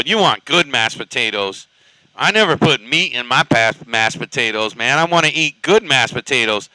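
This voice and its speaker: A man's voice: on the high side, bright, forceful tone, no echo, poor audio. A man from California chatting casually on a CB radio, rambling and cussing in a laid-back way. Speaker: CB radio operator.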